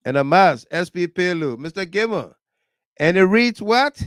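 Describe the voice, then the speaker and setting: Liberian man, political talk host, fairly high voice, animated, laughs a lot, dry close sound. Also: measured pace, no echo. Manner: animated, laughs often, reads viewer comments aloud. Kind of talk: political commentary livestream.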